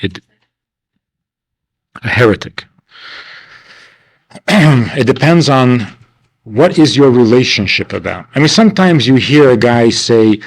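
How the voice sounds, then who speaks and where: Male rabbi lecturing a class, conversational, acts out quoted voices up high; 1990s class recording. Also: animated, slow pace, long pauses, poor audio. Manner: conversational, rhetorical questions.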